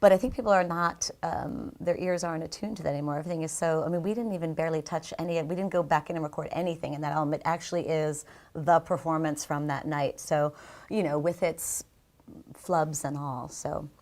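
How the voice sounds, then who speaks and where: Chatty jersey woman, kinda low voice, laughs a lot, middle-aged, interview guest. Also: fairly even intonation, a little fast, a little mellow. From New Jersey, USA. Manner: bubbly, chatty, laughs often. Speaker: guest performer. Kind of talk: casual interview chat.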